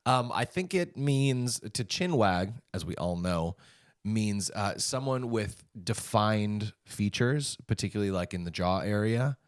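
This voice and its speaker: Rambling joking man with lively pitch. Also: unhurried, clear, resonant tone, no echo, clean studio sound. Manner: rambling, joking guesses with silly voices. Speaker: podcast co-host. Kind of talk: casual chat.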